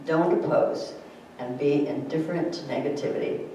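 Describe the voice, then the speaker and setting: A woman giving a spiritual thought to a small group, gently reading a quote aloud and chatting, laughing often at her own stories. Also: low voice, moderate pace, noisy background. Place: room with a small audience. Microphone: distant room mic. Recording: echoey room recorded from far off.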